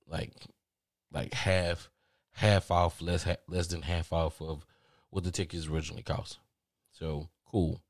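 A man's voice: low voice, no room sound, studio quality. A man hosting a podcast, telling an exasperated story in a casual, profane monologue. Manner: exasperated storytelling, swears freely. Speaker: podcast host.

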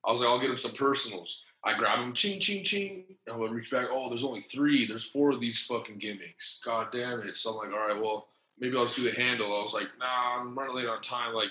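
A man's voice: medium pitch, fairly quick, hardly any pauses, bright, forceful tone, reverberant, low-quality recording. A man telling a long story in casual, slangy, profane speech, full of fillers and acted-out lines of other people. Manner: acts out other people's lines in changed voices.

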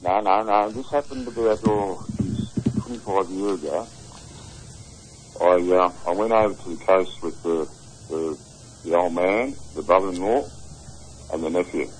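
A man's voice: sits low, unhurried, slight background noise, low-quality recording. A man with an Australian accent calls in to a radio show and tells a rambling fishing story, full of restarts. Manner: rambling yarn-spinning with restarts. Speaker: caller. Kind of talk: phone-in storytelling.

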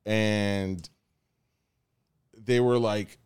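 Animated storytelling man with a smooth voice. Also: medium pitch, a little slow. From United States. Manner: animated storyteller, acts out quoted people. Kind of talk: casual chat.

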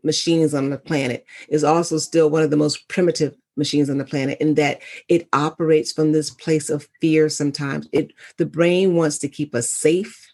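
A woman in casual conversation, speaking reflectively and with animated storytelling as a wellness coach. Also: low-pitched.

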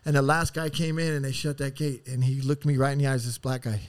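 A man telling rough stories as a podcast guest, casual and full of swearing, rambling and acting out what people said. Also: medium pitch, flat delivery, quick pace, no room sound. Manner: profane, rambling, acts out quotes. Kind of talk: casual storytelling.

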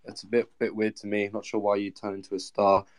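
A man's voice: fairly low pitch, flat delivery, fast talker. A man speaking casually in an online audio chat, laid-back and hesitant, with lots of ums. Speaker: listener invited to speak.

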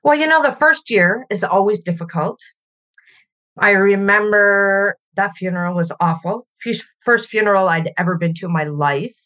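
A woman's voice: medium pitch, animated, moderate pace. A middle-aged woman from Canada, a podcast guest speaking reflectively in a conversational interview. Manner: reflective and warm, laughs while telling stories.

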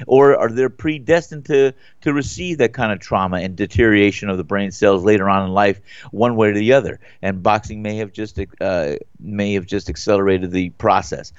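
A blunt, opinionated middle-aged man with a low voice, rambling through his views in casual talk-show banter. The sound is dry and dull, like a lo-fi mic in a dead room. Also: moderate pace, hardly any pauses, clear, resonant tone, no room sound.

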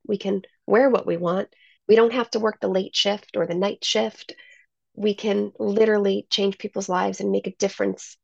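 A woman's voice: mid-range voice, creaky, a little mellow, dry recording. A woman who owns a salon, talking as a guest in a casual interview and telling stories with enthusiasm. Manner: enthusiastic storyteller. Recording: slightly muffled dry sound.

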